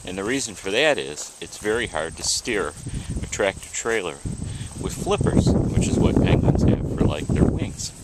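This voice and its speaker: A man telling jokes in a halting, rambling way, pausing often to search for words. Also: low voice, lively intonation. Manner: rambling, halting storyteller with many "uh"s. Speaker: joke teller. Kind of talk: casual joke telling. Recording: noisy outdoor recording with crickets.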